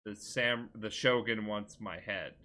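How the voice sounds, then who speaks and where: A man's voice: fairly low pitch, unhurried, bright, forceful tone, pitched below the performer's own voice. A man casually voicing a defiant young male samurai while retelling a game plot.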